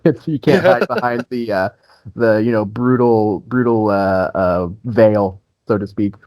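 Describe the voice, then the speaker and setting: A man's voice: lowish voice, unhurried, a little mellow, no echo. A man being interviewed as a band guitarist, talking in a loose, rambling way with lots of restarts, fillers and frequent laughs. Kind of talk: casual interview chat.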